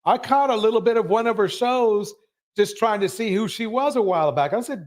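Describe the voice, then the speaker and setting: A man's voice: high-pitched, expressive, fairly quick. A man hosting a live show, commenting emphatically and ranting about what he has just watched. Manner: emphatic, ranting, repeats himself.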